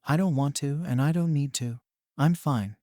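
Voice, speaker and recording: A man's voice: on the high side, normal speed, warm tone, no echo, lightly acted. Man voicing a grieving teen boy, curt, defiant, storybook reading, dry sound. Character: angry, grieving teenage boy.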